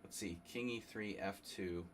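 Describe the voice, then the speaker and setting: A man from New Jersey streaming a chess simul, thinking aloud in a halting, casual way and coughing now and then. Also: lowish voice, a bit bright, slight background noise. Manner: halting, muttering through chess moves with fillers.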